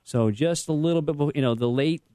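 A man's voice: a little high, normal speed, warm tone, dry recording. A man speaking as a realtor guest on a radio show, giving advice in a rambling way with many restarts.

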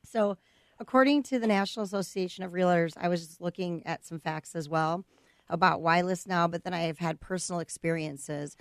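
A woman speaking as a realtor guest on a radio show, excited and out of breath. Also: fairly low pitch, brisk, dry recording. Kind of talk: radio interview chat.

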